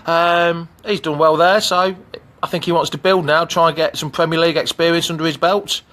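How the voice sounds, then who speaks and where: A middle-aged man with an English Midlands accent hosts a fan channel, live-streaming a casual chat from an outdoor swimming pool on his phone camera. His voice sits on the high side and sounds bright and forceful, with fairly even intonation and a brisk pace. He's chatty and greets viewers by name.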